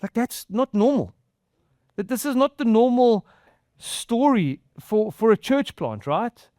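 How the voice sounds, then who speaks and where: High-voiced pastor with a halting, earnest delivery. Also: male voice, big pitch swings, darkish tone, no echo, clean studio sound. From outside the US. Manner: halting, repeats and restarts words, earnest. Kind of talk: conversational sermon.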